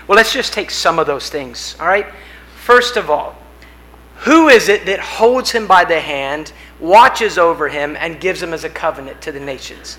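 Man, preacher, sermon, high-pitched, bright tone, vivid storytelling delivery. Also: normal speed, low-quality recording. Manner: vivid storytelling preacher, rising and swelling on key images. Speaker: pastor.

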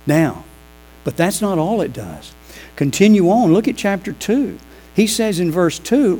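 A pastor preaching a sermon, telling lively stories and acting out the people in them. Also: male voice, sits high, unhurried, poor audio. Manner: animated, acts out quoted voices. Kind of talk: sermon with storytelling.

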